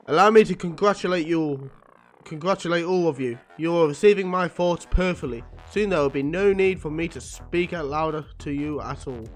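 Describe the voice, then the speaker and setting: Stern old professor barking drills, read plainly by a man, slightly higher voice. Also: moderate pace, soft background music, natural voice. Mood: commanding. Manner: commanding, drilling.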